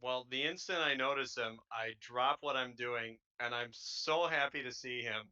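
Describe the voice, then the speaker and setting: Bright, crisp-voiced man at the table. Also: medium pitch, moderate pace, lo-fi sound. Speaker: player. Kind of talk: casual tabletop play.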